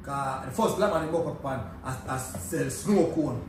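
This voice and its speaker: A man's voice: medium pitch, moderate pace. An older man with a Jamaican accent, telling laid-back stories in patois in a casual chat. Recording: echoey, distant mic with faint background hiss.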